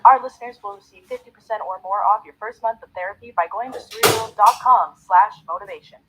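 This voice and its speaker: A woman host reading a sponsor ad in a smooth, upbeat delivery, with a husky voice. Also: medium pitch, fast talker, fairly bright tone, a little hiss or hum, poor audio. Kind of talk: read sponsor ad.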